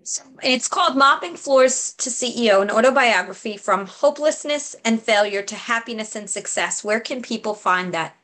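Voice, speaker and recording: A woman's voice: fairly high pitch, expressive, moderate pace, hardly any pauses, a bit bright. A woman hosting a podcast interview, affirming her guest and asking reflective questions. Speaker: podcast host.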